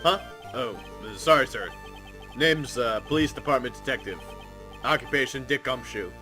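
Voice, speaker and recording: A man's voice: medium pitch, moderate pace, lightly acted. A man voicing an eager, bumbling male police detective who stammers through his answers, over game music. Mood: flustered.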